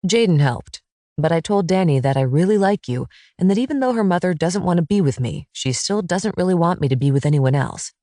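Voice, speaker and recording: A woman's voice: lowish voice, expressive, fairly quick, warm tone, no echo, studio quality, natural voice. A woman voicing an earnest, plain-spoken romantic man, a professional quarterback and single dad, in an audiobook.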